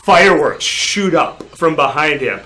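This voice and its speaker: A man narrating a tabletop game as game master, animated and laughing, breaking into loud crowd voices. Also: on the high side, unhurried.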